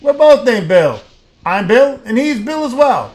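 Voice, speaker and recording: A brash foundry worker bellows every word, his voice pushed high and loud, as a man puts him on. A faint hiss runs under the voice. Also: very animated, a little slow, full character voice. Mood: shouting. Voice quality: shouting over noise. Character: loud shouting male foundry worker, soot-covered.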